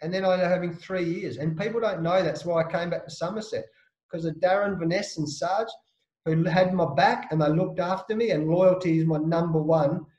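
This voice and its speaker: A high-voiced Australian man spins a yarn as an interview guest. He is lively and blokey and slips into the voices of the people in his story. The sound is roomy and echoey. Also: a little fast, lo-fi sound. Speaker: interview guest, former captain. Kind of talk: animated anecdotal storytelling.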